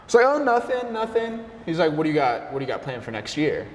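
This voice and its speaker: Animated young man in an echoey room. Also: mid-range voice, rapid-fire, a little hiss or hum. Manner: animated, slangy, voice jumps up when excited. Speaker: barista and café worker. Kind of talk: casual storytelling chat. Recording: roomy echo with long reverb, faint ambience.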